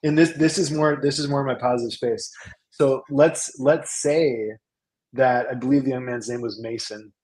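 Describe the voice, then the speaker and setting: A man with a mid-range voice talks through a business lesson in a relaxed webinar conversation. He tells stories with animated, acted-out dialogue. He often repeats and restarts his words. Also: medium pitch, moderate pace, poor audio. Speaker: salon business coach. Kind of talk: casual webinar talk.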